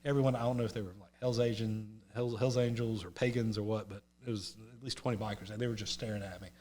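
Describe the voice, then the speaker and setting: A man's voice: lowish voice, fast talker. A man from North Carolina, a podcast guest telling humorous stories in casual chat and acting out the voices he quotes. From North Carolina, US South. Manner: animated, humorous storyteller who acts out quoted voices.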